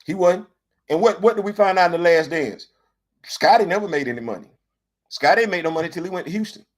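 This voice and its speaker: A man with a high-pitched voice hosts his own commentary show. He talks casually and with energy, piling up rhetorical questions to drive his point home. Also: quick pace. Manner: animated, rhetorical questions, colloquial. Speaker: host.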